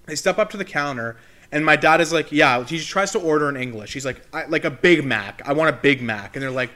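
A young Canadian man on a podcast, telling a story in animated, casual chat and swearing freely. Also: on the high side, a little fast. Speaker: podcast co-host.

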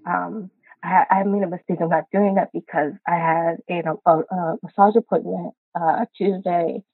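A woman calling in to a podcast, venting about her partner in a halting, frustrated way with a husky voice. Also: on the low side, fairly even intonation, no echo. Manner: frustrated, halting, many restarts. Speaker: caller. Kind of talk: live call-in chat. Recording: dry tinny call line.

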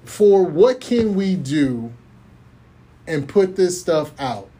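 Man co-host, somewhat high voice, animated and laughing, casual movie chat podcast. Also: slow, slightly rough. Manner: animated, laughs often, repeats words.

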